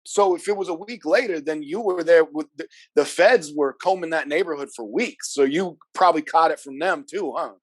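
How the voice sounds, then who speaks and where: A man's voice: on the high side, normal speed, few pauses. A man hosting an interview, casually asking questions and stumbling over restarts as he goes. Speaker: podcast host interviewer.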